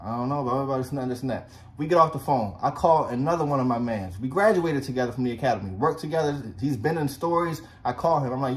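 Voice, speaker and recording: A man's voice: mid-range voice, expressive, quick pace. A young man, a former police officer, telling a personal story in a blunt, profane, slang-heavy casual monologue.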